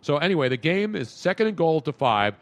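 A man's voice: on the high side, sing-song, a little fast. A man hosting a sports talk radio show, telling long rambling stories and laughing as he talks. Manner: rambling storyteller, laughs while talking.

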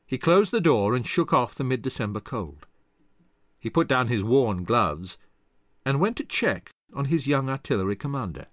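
A man reading a scripted history narration in a dramatic, expressive way into a close studio mic. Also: medium pitch, normal speed, no room sound.

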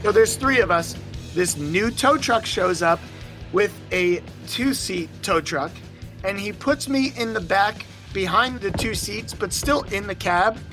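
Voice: medium pitch, expressive, unhurried, over music. A young adult touring musician casually telling a road story, wry and profane, acting out the other people's voices.

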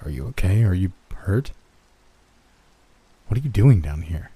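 Brief: man doing an eager, rattled young guy, stammering, deep and dark voice. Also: expressive, slightly rough, full character voice. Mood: flustered. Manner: stammering, rushed questions.

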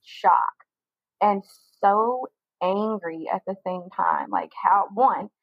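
Gravelly young woman on a phone-like line. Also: mid-range voice, slow pace, no echo. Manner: candid, rambling, heavy use of "like". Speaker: interview guest. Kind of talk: personal storytelling in conversation. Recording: dry, phone-like narrow sound.

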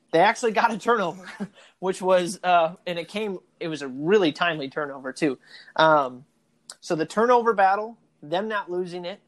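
A podcast co-host in casual sports talk, chatty and animated, arguing points at length. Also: medium pitch.

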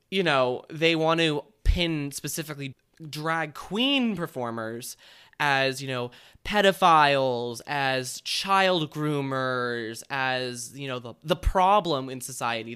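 Bright, animated male podcast co-host. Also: a little high, clear, resonant tone. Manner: animated, frequent laughter, drag slang. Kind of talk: casual chat.

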